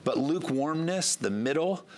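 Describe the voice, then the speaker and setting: A man's voice: fairly high pitch, animated, moderate pace. A pastor preaching a sermon to his congregation in an earnest, conversational way, reading scripture aloud as he goes.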